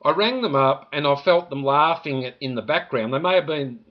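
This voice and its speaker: An Australian man with an Australian accent vlogs to camera, rambling indignantly about a complaint and saying "you know" a lot. His fairly high voice has lively intonation at a normal speed, though the audio is dull.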